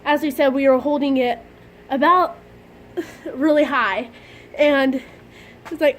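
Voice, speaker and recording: Young woman w a high voice rambling a story to her camera, giggly n dramatic. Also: steady tone, measured pace, long pauses, slight background noise. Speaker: vlogger. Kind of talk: casual storytelling vlog.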